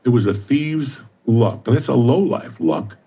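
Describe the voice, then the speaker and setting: Here a middle-aged New Jersey native chats casually, unhurried, relating profane street stories complete with imitated dialogue. His medium-pitched voice swings widely in pitch and sounds mellow and slightly rough.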